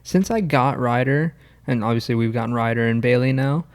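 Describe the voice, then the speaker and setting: A man's voice: mid-range voice, brisk. A man co-hosting a podcast in casual chat, rambling with many fillers and restarts. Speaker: podcast co-host.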